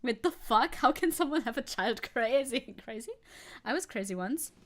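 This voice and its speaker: A woman's voice: fairly high pitch, expressive, normal speed, fairly bright tone. Giggly young woman chatting on stream. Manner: giggly, rambling, reads chat aloud. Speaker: VTuber streamer. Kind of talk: casual live-stream chat.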